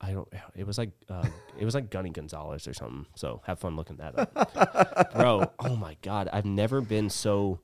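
A man, telling a story as a guest in a casual chat, animated and swearing freely as he acts out the dialogue. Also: sits low, normal speed, few pauses. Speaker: podcast guest.

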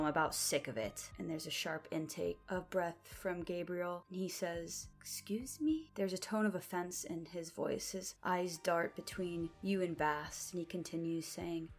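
Low-voiced woman narrating as game master. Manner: descriptive, measured storytelling. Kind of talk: narrating a tabletop role-playing game.

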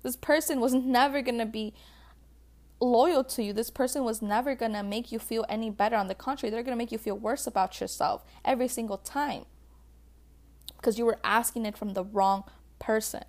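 A woman speaking in a somewhat high voice, talking straight to her viewers in a casual, heartfelt way. She is chatty and emotional, with plenty of fillers and friendly pet names. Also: fairly quick. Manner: chatty, emotional, calls viewers sis and babe, many likes. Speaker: vlogger giving relationship advice.

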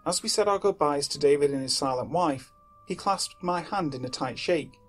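Husky male horror story narrator. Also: fairly high pitch, soft background music. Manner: measured, somber storytelling.

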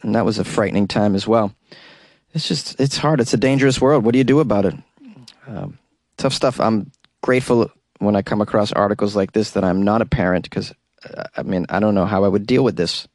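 A man's voice: fairly low pitch, brisk, a little mellow, dry recording, studio quality. A man hosting a radio talk show, reading news stories and adding wry, sarcastic asides in a casual way.

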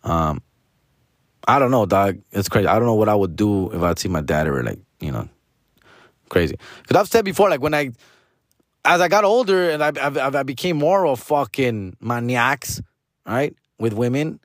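A man's voice: mid-range voice, very animated, moderate pace, dry recording, clean studio sound. A man in his forties with a Chicano Los Angeles accent tells a story in a casual, profane monologue. He mixes in Spanish, rambles, restarts his sentences and keeps calling the listener "fool" and "dog". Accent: Chicano English from Los Angeles.

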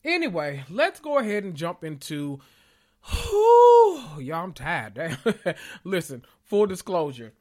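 A man hosting a casual podcast, excitable and swearing freely as he calls out to listeners, a little out of breath and sweating after a big meal. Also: fairly high pitch, measured pace. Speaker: podcast host. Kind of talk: casual pop-culture recap podcast.

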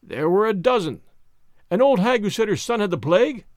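A man voicing a hardened, rough soldier guarding a city gate, blustering and gruff. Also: sits high, big pitch swings, fairly quick, no room sound, studio quality, voice pushed up.

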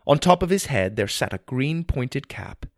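A man narrating a children's fantasy story in the first person, with an expressive, wonder-filled delivery. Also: medium pitch, moderate pace, vocal fry, dry recording.

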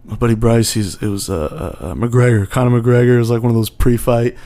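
A man's voice: mid-range voice, fairly even intonation, brisk, warm tone. Blunt, self-mocking man chatting. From US, near the Mexican border. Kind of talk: casual podcast chat.

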